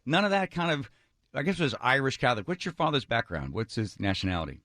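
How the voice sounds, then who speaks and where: A man's voice: mid-range voice, fast talker, no room sound, studio quality. A man hosting a radio talk show, telling a personal story and acting out what others said. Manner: animated, acts out quotes of others. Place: radio studio.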